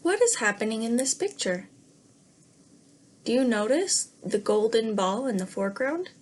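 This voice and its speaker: A woman teacher reading a fairy tale to young children in a gentle way, pausing to ask the class questions. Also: fairly high pitch, sing-song. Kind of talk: read-aloud lesson for young children.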